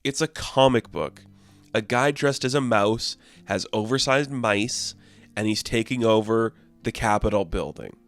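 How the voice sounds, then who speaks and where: Low-voiced man rambling through a comic review. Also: measured pace, soft background music. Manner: rambling, filler-heavy, amused.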